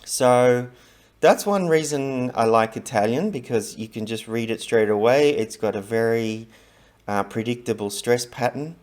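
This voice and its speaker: A man's voice: mid-range voice, unhurried, darkish tone. A middle-aged man talking casually to camera about learning languages, chatty and rambling, with many fillers and restarts.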